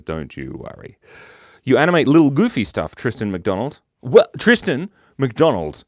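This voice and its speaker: A playful young man chats through a live drawing stream, reading viewer comments and joking as he goes. His voice leaps all over the place in pitch. The sound is dry and close, with no room echo. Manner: playful, chatty, reads viewer comments aloud. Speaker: livestream host drawing for viewers. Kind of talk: casual live-stream chat.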